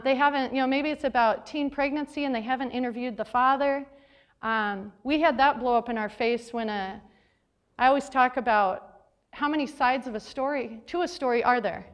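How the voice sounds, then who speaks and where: High-voiced woman telling classroom stories. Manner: lively storytelling with quoted dialogue. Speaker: journalism advisor and teacher. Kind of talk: conference talk to teachers. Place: forum hall.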